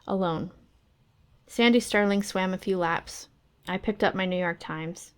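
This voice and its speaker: A woman's voice: lowish voice, measured pace, smooth. A woman on a book club stream reading a first-person novel aloud in a wry, conversational way.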